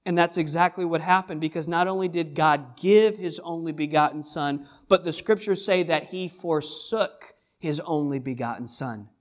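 A man preaching a sermon as pastor, swinging between hushed lines and loud, drawn-out emphasis. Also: fairly high pitch.

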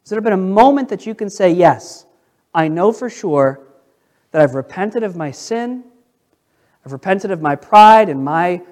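A middle-aged male pastor preaching a sermon in a conversational way, dropping to a hush and then building to loud, emphatic stretches. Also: high voice.

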